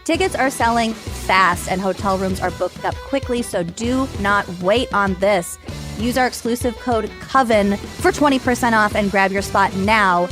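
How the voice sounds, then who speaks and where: A woman's voice: mid-range voice, a little slow, over music. A woman co-hosting a podcast, reading sponsor spots and chatting casually. She sounds enthusiastic and blunt. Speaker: podcast co-host. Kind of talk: casual chat and sponsor reads.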